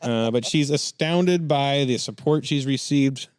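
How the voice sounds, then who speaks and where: A man's voice: mid-range voice, unhurried, darkish tone, smooth, no echo. A man hosting a comedy podcast, reading news headlines aloud and joking with puns and frequent laughs. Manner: jokey, laughs often, puns. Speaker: podcast host.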